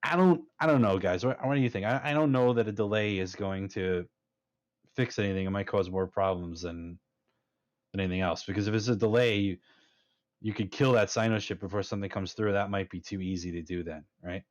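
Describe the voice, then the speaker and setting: On the low side and a little fast, this man's voice comes through with its upper range cut off. He's a fleet commander sitting in on a casual panel, driving his points home emphatically and repeatedly asking "right?"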